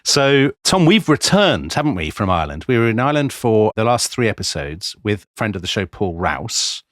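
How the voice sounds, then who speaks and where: A low-voiced man co-hosts a history podcast with dry, wry humour. His deep pitch still moves a lot through each sentence, and the sound is close and dry, as if in a studio. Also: big pitch swings, normal speed, a bit bright, no echo. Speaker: podcast co-host.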